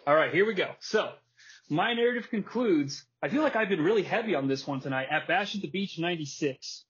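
A man hosting a casual podcast, telling a story with energy, putting on quick voices and laughing often. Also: on the high side, slightly rough. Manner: animated storytelling, acts out wrestler quotes and laughs often. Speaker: podcast host. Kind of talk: casual chat. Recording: dull lo-fi podcast audio.

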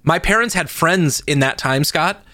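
A man with a slightly high voice co-hosts a casual podcast and tells stories with lively jumps in pitch. He sounds close to the mic in a dry, dead room. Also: moderate pace, no echo. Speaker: podcast co-host. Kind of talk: casual chat.

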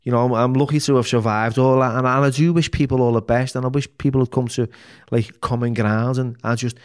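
A man's voice: medium pitch, fairly even intonation, a little fast. A middle-aged man, a podcast guest talking candidly, bluntly and full of swearing, often restarting his sentences. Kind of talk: candid interview talk.

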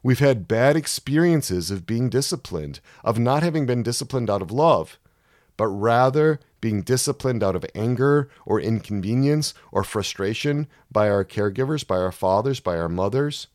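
A man giving a sermon-style Bible teaching, emphatic and measured, reading scripture and explaining it. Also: mid-range voice, expressive, a little mellow, no room sound, clean studio sound. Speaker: Christian teacher.

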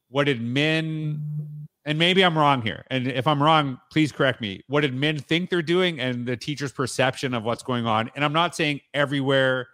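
A man's voice: mid-range voice, fairly bright tone, no room sound, studio quality. A man hosting a podcast interview, talking in long, rambling sentences full of hedges and restarts. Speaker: podcast host. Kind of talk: conversational interview.

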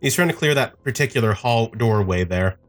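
A man's voice: medium pitch, lively intonation, a little fast, faint music behind. Matter-of-fact tabletop player, man. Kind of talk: describing moves in a tabletop game.

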